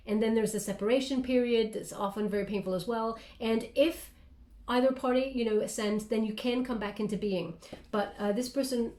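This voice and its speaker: A woman's voice: on the high side, warm tone. A woman giving a spiritual guided reading straight to the listener, soothing and reassuring, talking in loose phrases with frequent fillers. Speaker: psychic reader. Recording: roomy echo.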